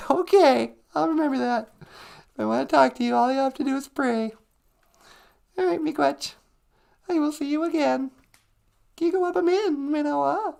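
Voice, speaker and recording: A woman's voice: high voice, normal speed, vocal fry, pauses often, a little mellow. A woman hosting a comic live-stream chat, mock-earnest and sarcastic, saying solemn-sounding mock prayers. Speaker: host.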